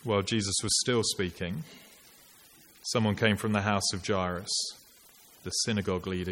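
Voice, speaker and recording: A man's voice: lowish voice, steady tone, moderate pace, fairly bright tone. A man preaching a sermon in an earnest, reflective, conversational way, posing rhetorical questions to his listeners. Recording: long church reverb, faint hiss.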